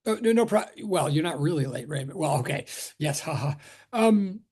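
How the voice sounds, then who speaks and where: A man's voice: on the high side, animated, moderate pace, darkish tone, breathy edge. A man teaching a physics class on a video call, chatting and greeting students one by one with many restarts before the lesson. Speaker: physics professor. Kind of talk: casual online class greeting.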